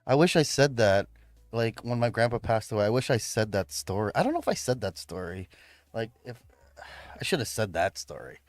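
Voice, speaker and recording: A man's voice: on the low side, big pitch swings, normal speed, no echo. A young man from the Chicago area casually telling a story on a livestream, swearing a lot, laughing often and saying "bro" and "man". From Chicago area, USA.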